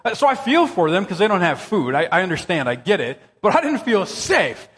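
A male pastor with a high voice that swoops all over the place as he tells his story. He is animated and excitable in his telling. His words ring out with a long reverb across a church hall. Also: fairly quick. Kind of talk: sermon with personal storytelling.

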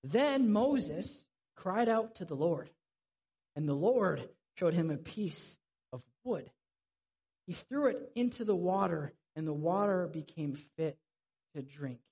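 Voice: mid-range voice, mellow, slightly rough. A preacher giving a sermon in a conversational, vivid storytelling way.

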